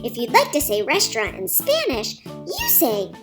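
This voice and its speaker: A woman uses an exaggerated, extremely high voice with wildly swooping pitch to play a cheerful young girl teaching Spanish words to small children. At a normal speed, she's sing-song and encouraging, with children's music playing behind this bilingual lesson.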